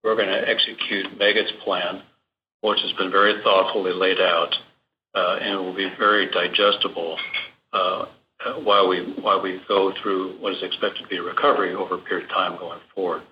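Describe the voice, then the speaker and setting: Man, executive, low voice, measured corporate talk, muffled audio, faint room ambience. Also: level tone, a little hiss or hum. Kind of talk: interview clip.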